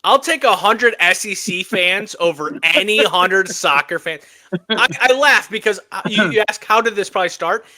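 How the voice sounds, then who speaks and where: Bright high-voiced man hosting a sports podcast. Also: measured pace. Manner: animated, joking, emphatic trash talk. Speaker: podcast co-host. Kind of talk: casual sports podcast chat.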